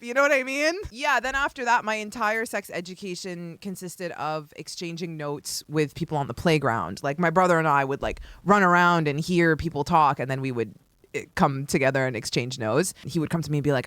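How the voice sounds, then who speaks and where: A woman's voice: fairly low pitch, fairly quick, a bit bright, no echo, clean studio sound. A woman in her thirties from Canada, hosting a solo podcast and telling her own story with comedic energy, acting out the voices she quotes. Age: 30s. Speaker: podcast host.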